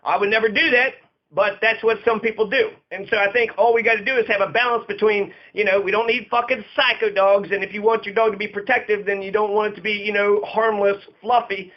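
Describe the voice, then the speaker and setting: A man with a noticeably high voice holds forth in an unscripted rant, swearing freely and repeating lines for emphasis. The recording sounds dull and lo-fi. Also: fairly even intonation, brisk. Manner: profane, emphatic and repetitive. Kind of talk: casual ranting monologue.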